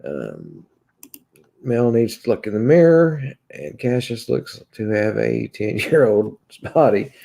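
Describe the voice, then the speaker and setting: A man with a Kentucky accent hosting a livestream, reading viewers' comments aloud in a halting, casual way full of filler sounds and restarts. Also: medium pitch, very animated, vocal fry, mellow. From Kentucky, USA. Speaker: livestream host reading chat.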